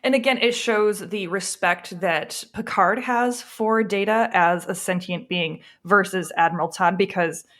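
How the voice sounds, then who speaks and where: A woman co-hosting a casual podcast chat, chatty and quick to laugh. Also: mid-range voice, steady tone, fairly bright tone. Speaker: podcast co-host.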